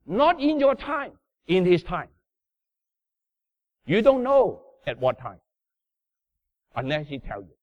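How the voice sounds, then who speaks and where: A man preaching a sermon in non-native English, emphatic, swinging from loud bursts down to low murmurs. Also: wildly swooping pitch, slow pace, pauses often, no echo. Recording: dull lo-fi sound.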